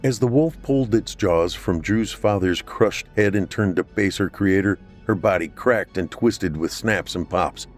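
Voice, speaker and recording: A man narrating a scripted horror story in a steady, measured way. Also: low-pitched, faint music behind.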